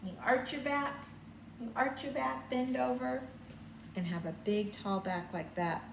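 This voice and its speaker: An older woman teacher reading a picture book aloud to young children and showing the signs, in a slow, sing-song storytime voice. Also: sits high, creaky, a little hiss or hum. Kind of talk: read-aloud lesson with sign language for children. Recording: echoey room, mic at a distance, faint ambience.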